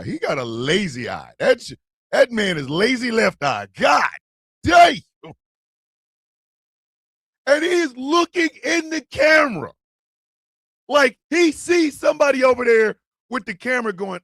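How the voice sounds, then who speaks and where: A man hosting a comedy show, ranting in a profane, animated way with yelled bursts. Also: high-pitched, normal speed, dry recording, studio quality. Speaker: host. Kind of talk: comedic rant commentary.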